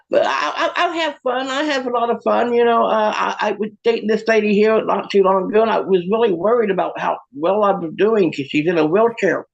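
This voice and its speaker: High gravelly comedian, halting delivery. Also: male voice, dull audio. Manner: deadpan one-liners with halting restarts. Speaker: stand-up comedian. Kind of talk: stand-up comedy set.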